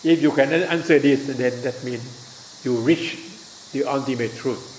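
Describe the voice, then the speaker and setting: A man with a Thai accent, not a native English speaker, giving a Buddhist teaching in simple halting English. He keeps asking his listeners whether they understand and spells words out letter by letter. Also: medium pitch. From Thailand. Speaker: Dhamma teacher. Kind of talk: Buddhist teaching talk to a group. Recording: echoey room with faint hiss.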